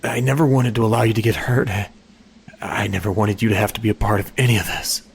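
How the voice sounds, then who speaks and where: An actor playing an anguished young husband under a dark curse in a horror audio story, confessing in halting, stammering bursts. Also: male voice, on the low side, fairly even intonation, gravelly, slightly rough, heavily acted. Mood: tender, regretful.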